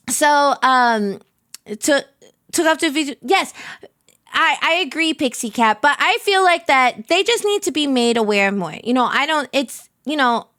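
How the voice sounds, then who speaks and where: A woman streamer in casual, rambling chat with her viewers, excitable and heavy on filler words. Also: high voice, no room sound, clean studio sound.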